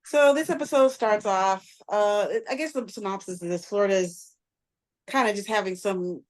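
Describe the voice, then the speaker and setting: A woman's voice: mid-range voice, normal speed. A woman co-hosting a podcast, casually retelling a TV episode in a rambling way with lots of fillers and restarts. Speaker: podcast co-host. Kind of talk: casual recap chat.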